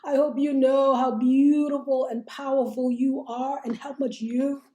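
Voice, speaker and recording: A woman's voice: high voice, flat delivery, a little slow, mellow. A woman life coach giving a fiery, preachy motivational livestream talk, calling her listeners "my loves" and "honey," her voice a little strained. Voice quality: slightly strained voice. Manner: chants and sings short refrains. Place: home setup, streaming live. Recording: roomy echo.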